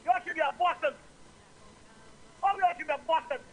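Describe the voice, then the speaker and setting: A man's voice: extremely high pitch, normal speed, fairly bright tone, slight background noise, low-quality recording. A man with a Saint Lucian accent, calling in to a talk show and ranting angrily and repetitively about politics. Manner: angry, insulting, repetitive. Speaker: caller. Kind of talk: political rant on a call-in show.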